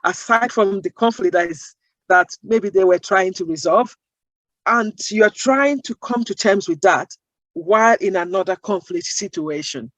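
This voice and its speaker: A woman speaking as an interview guest, earnest and emphatic, building her points with rhetorical questions in measured phrases. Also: medium pitch, fairly bright tone, no echo, low-quality recording. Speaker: guest, accent-bias advocate. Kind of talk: interview answers.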